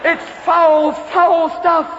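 A man doing a stand-up comedy routine in front of a live audience, talking manically and jumping into silly voices and shouts. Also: extremely high pitch, level tone, very slow, dull audio. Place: large live venue before an audience. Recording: echoey live hall with loud crowd noise. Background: audience laughter and crowd noise.

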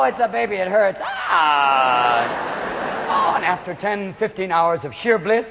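A male stand-up comedian performing a manic routine, shouting and jumping in and out of voices before a live audience. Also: extremely high pitch, very noisy. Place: large venue with a live audience. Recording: lo-fi live hall recording with crowd.

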